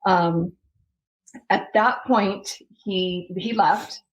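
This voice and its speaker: A woman's voice: medium pitch, very slow, poor audio. A woman guest on a podcast, telling a personal story earnestly, with many fillers and restarts.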